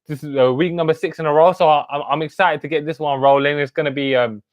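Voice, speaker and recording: A man's voice: on the high side, steady tone, quick pace, no echo. Chatty man hosting a live stream. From United Kingdom. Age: 20s. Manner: chatty, greets viewers by name with street slang. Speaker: host.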